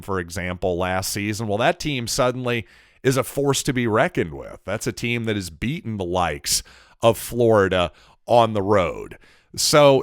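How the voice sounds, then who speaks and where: A man's voice: mid-range voice, no room sound, studio quality. A man hosting a solo sports podcast, talking through his opinions conversationally with wry asides. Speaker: podcast host.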